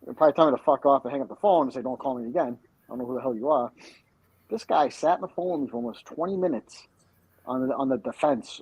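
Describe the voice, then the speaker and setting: A man's voice: medium pitch, quick pace, a little mellow, slightly rough, dull audio. A man hosting a podcast, telling a rambling, profane and spiteful story in crude casual banter. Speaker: podcast host.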